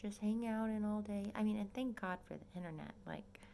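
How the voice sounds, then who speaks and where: Young woman, nursing student vlogger, chatty and gushing, gravelly fry, slips into whispers. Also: medium pitch, a little fast, mellow, a little hiss or hum. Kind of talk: casual vlog update. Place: at home in a small apartment.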